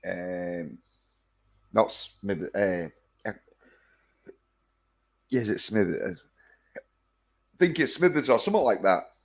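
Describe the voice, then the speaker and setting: A man's voice: fairly low pitch, big pitch swings, slow, vocal fry, pauses often. A man recapping a film in a casual, rambling way, full of hesitations and swearing. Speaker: film reviewer.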